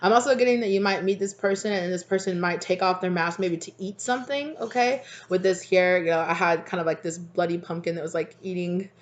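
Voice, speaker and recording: A woman's voice: fairly low pitch, fairly quick, hardly any pauses. A woman giving a casual tarot card reading in a rambling way, with many fillers and laughs. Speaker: tarot reader.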